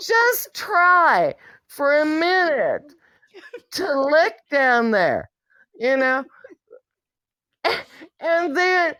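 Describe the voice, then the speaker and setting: A woman's voice: high voice, sing-song, drawn-out words, pauses often, fairly bright tone, no room sound. A woman vlogger in a candid monologue, talking bluntly and profanely with an exasperated edge.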